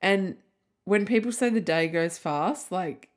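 A woman's voice: lowish voice, unhurried. A woman in her thirties hosting a solo podcast, rambling candidly with lots of "like" and the odd swear word. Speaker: podcast host. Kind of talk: casual solo podcast chat.

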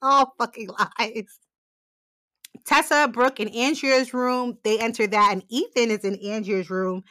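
A woman's voice: a little high, fairly even intonation, moderate pace, hardly any pauses, a bit bright, dry recording, clean studio sound. A woman co-hosting a podcast, giving a casual, sarcastic recap of an episode and swearing freely. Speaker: podcast co-host.

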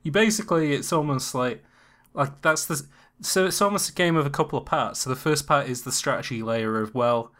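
A man's voice: medium pitch, brisk, fairly bright tone. A man riffing in a casual brainstorming chat, rambling and playful with lots of restarts and asides.

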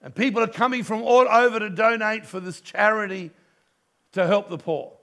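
A middle-aged man, preaching a sermon in church and telling a story with passion, dropping to a hush and then rising loud. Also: high voice, steady tone, normal speed. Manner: impassioned storytelling preacher, swings from hushed to loud. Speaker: pastor.

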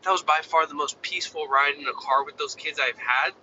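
A man in his thirties chatting casually, telling animated stories about his kids and acting out their voices. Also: a little high, a little fast, lo-fi sound, slight background noise. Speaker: father. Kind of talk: casual chat.

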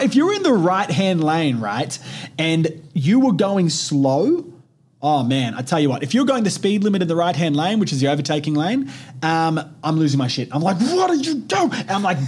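Husky, animated young man on a podcast. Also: a little high. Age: 20s. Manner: animated, swears freely, peppers talk with "like" and "right?". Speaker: podcast host. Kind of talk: casual motivational podcast talk.

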